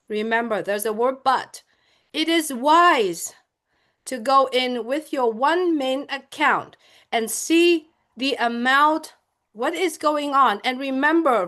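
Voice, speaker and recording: A woman speaking on a live online group call, slow and emphatic, repeating key words for her listeners. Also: sits high, fairly bright tone.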